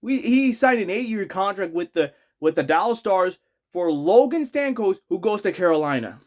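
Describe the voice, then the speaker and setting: Higher-voiced guy, fan vlogger, exasperated sarcastic rant, rambling restarts. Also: animated, moderate pace. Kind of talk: ranting fan commentary.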